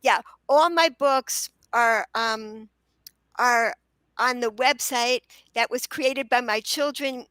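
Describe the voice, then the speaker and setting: A woman's voice: fairly high pitch, slow, dry recording, low-quality recording. A middle-aged woman, a children's book author, talking earnestly as a podcast guest and sometimes tripping over her words in eagerness. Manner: earnest, stumbles and restarts when excited. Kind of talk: podcast interview.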